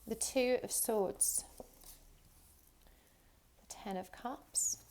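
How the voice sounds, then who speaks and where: Speaking very slowly in a voice on the high side, a woman gives a chatty tarot reading straight to her viewers. She's warm-hearted and casual, with many ums and you-knows.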